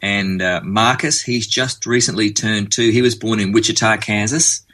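A man's voice: fairly low pitch, steady tone, normal speed, sharp tone. A man in his forties with an Australian accent, chatting as an interview guest and telling stories with many fillers. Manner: chatty, storytelling, frequent fillers. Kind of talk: relaxed conversational interview.

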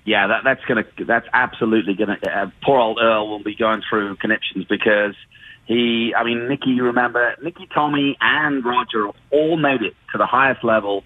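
A man calling into a motorsport radio show, talking earnestly with halting restarts. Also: medium pitch, steady tone. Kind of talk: casual radio talk. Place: event venue in the field. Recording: tinny phone line.

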